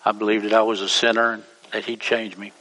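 A man's voice: on the low side, little pitch movement, quick pace, pushed and bright, slight background noise. A man, preaching a sermon as pastor, telling stories in a folksy, rambling way that repeats itself. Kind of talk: sermon storytelling. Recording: long church reverb.

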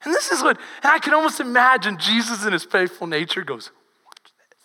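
A woman pastor with a Texan accent, preaching a sermon as lively storytelling that swings from loud to hushed. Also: a little high, fast talker, big-room sound.

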